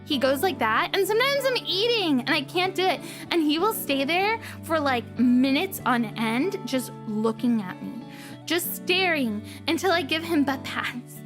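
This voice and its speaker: Streaming a casual chat, a woman with a high-pitched voice sounds bubbly and playfully rambling, drifting lightly and upbeat from topic to topic. She's expressive and talks at a moderate pace, with faint, quiet music playing in the background.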